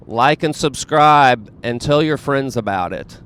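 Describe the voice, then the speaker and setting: Smooth-voiced rambling comedian host. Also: male voice, medium pitch, expressive, a little slow, few pauses, fairly bright tone, no echo. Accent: Southern US. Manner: rambling, self-deprecating, many fillers. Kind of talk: casual comedic monologue.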